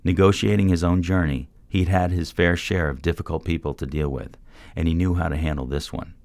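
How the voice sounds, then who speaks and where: A man narrates a story in a steady, measured reading voice. His voice is extremely deep and has a gravelly rasp. The recording is dry and close, with no room sound. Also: no echo. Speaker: audiobook narrator.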